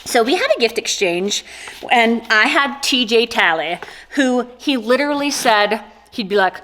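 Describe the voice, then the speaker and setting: A woman's voice: fairly high pitch, expressive, a little slow, bright, forceful tone. A woman chatting casually in a vlog while unboxing gifts, gushing and exclaiming with delight, recorded on a camera-mounted mic. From USA. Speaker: small business owner unboxing gifts. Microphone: microphone mounted on the camera.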